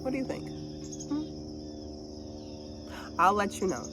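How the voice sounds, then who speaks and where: A woman venting in a casual monologue, telling a story with lots of swearing and animated asides. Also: mid-range voice, a little slow, noisy background. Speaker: vlogger.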